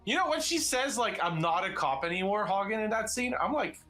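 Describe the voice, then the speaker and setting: Animated man chatting with lots of restarts. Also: high-pitched, a little fast, faint music behind. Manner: animated, rambling with many fillers and restarts. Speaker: co-host of a live interactive show. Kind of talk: casual live-stream chat.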